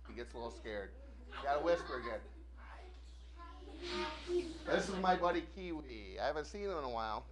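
A children's show host coaxing a young audience in a playful, animated way, sometimes dropping to a hush. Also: medium pitch, normal speed, long pauses, heavy background noise. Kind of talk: playful talk to a kids' audience. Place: local TV studio with live audience.

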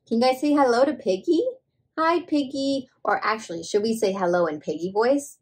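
A woman's voice: fairly high pitch, moderate pace, breathy edge. A woman hosting a toddler show, asking the viewer simple questions and making animal sounds. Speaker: children's show host. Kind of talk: slow sing-song talk to toddlers.

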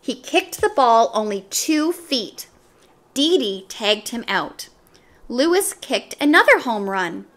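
A woman reads a children's chapter book aloud in an expressive, storyteller's way. Her voice is bright and sits a little high, moving through a lively range at an unhurried pace. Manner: expressive, animated narration. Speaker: storybook reader.

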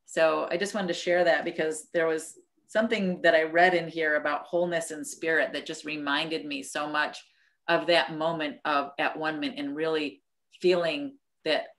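A woman's voice: low-pitched, fairly even intonation, normal speed, fairly bright tone. A middle-aged woman leading a study group over a video call, sharing a personal story in an earnest, reflective way with frequent restarts.

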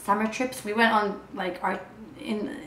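A young woman vlogs about her travels in a casual, chatty style, packing her talk with filler "like"s and acting out quoted dialogue. Her mid-range voice is steady and fairly bright, and she speaks a little slowly. The recording is from an echoey room and carries a faint hiss or hum.

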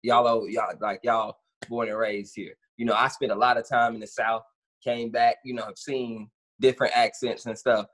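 Husky-voiced man chatting easygoing. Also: medium pitch, little pitch movement, moderate pace, fairly bright tone. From Gary, Indiana, USA. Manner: easygoing, rambling with restarts. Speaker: podcast co-host. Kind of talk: casual chat.

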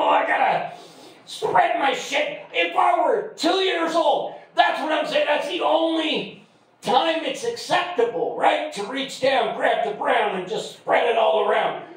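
A middle-aged man doing an open mic stand-up set, shouting his crude punchlines. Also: very high-pitched. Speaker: stand-up comic. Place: comedy club stage. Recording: echoey club, far from the mic.

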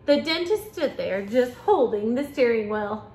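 A woman, a preschool teacher, reading a picture book aloud to children with animated, exaggerated storytelling. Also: fairly high pitch, normal speed. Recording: echoey room with faint hiss.

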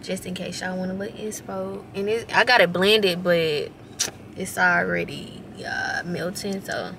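A woman's voice: lowish voice, steady tone, unhurried, vocal fry, fairly bright tone. A twenty-year-old woman vlogging in a chatty, gushing way, often calling her viewers y'all. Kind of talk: casual vlog chat. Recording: echoey room with background noise.

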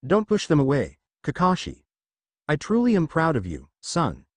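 A man voicing an ancient male god speaking softly and apologetically to his lost son, in a fan fiction story reading. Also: a little high, huge pitch swings, normal speed, no echo. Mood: tender, remorseful. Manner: soft, tender and apologetic. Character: grieving ancient male god, gentle loving father.

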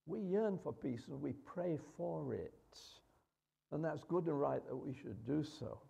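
A male preacher delivers a sermon in a relaxed, conversational way, often asking his listeners rhetorical questions. His voice is very gravelly and husky, with a dark, mellow tone. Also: on the high side, measured pace.

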